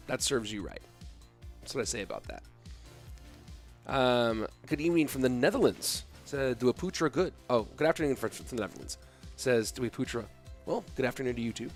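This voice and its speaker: A tired man in his thirties casting an esports match on a live stream, chatting casually and reading viewer comments aloud between plays. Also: mid-range voice. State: sleepy. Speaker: esports caster.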